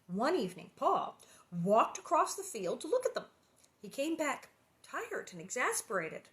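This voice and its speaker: A woman's voice: high voice, big pitch swings, normal speed. A woman reading a children's book aloud with gushing, giggly asides. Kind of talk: storybook reading with chatty asides.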